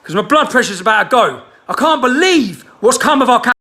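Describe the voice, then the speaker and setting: A man delivering a heated, shouting rant to the camera. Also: very high voice, sing-song, a little fast.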